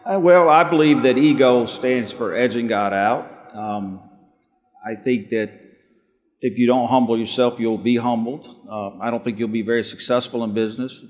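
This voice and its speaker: A man's voice: medium pitch, normal speed, big-room sound. A man on a live panel, speaking in a confident, emphatic and plain-spoken way. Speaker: law firm owner, panelist. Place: large stadium event on stage.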